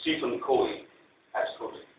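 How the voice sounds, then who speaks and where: A man giving a prepared club speech, telling a story and acting out the outbursts in it. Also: measured pace. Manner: animated, acts out quoted outbursts. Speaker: club speaker. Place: meeting room. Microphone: clip-on mic, distant recorder. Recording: very echoey, far off, phone-like and tinny, faint hiss.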